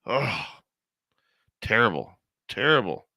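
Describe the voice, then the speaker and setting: A male radio host chats casually into a headset mic, greeting his listeners and reading their comments out loud. His voice is sharp and forceful, and the sound is dry and close. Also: fairly low pitch, very animated, slow, dry recording. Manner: chatty, greets listeners and reads chat comments aloud. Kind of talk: casual live radio chat. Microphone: headset microphone.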